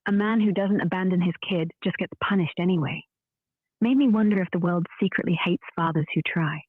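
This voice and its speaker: A woman's voice: on the low side, fairly quick, slightly rough, no echo. A woman's AI voice with a British accent, chatting in a witty, dry, frank way. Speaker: AI voice assistant. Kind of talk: conversational chat. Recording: tinny phone-like audio.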